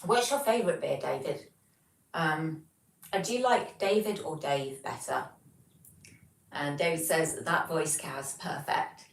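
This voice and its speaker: With a low voice, vocal fry, and a slightly slow delivery, a British woman hosts a casual livestream, pausing often. She greets viewers and reads their messages aloud, using plenty of ums. The sound is roomy and echoey from a distant mic.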